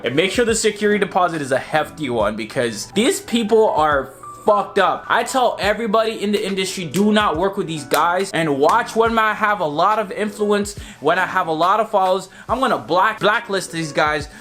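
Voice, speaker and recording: A young man tells a story on his vlog in a high voice, animated and exasperated and swearing freely. Faint music plays softly underneath. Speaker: photographer and vlogger.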